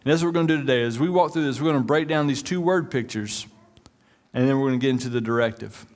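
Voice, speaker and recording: A man's voice: mid-range voice, fast, a little mellow. A man, preaching a sermon in a conversational, joking way and addressing the congregation as y'all. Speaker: pastor.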